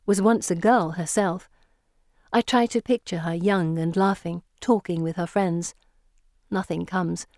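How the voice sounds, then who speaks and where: A woman reading a first-person story aloud in a measured, gentle way. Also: fairly low pitch, dry recording, studio quality. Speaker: narrator. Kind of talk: audiobook narration.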